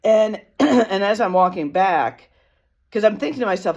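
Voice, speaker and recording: A woman's voice: medium pitch, animated, moderate pace, a little mellow. A tired woman telling a story casually in a rambling, self-deprecating way, with many fillers and restarts. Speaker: vlogger.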